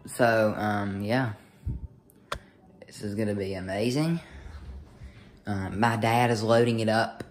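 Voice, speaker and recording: A young man, vlogging casually to camera, excitable and rambling with restarts. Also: on the low side, slow pace, pauses often, slight background noise. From United States.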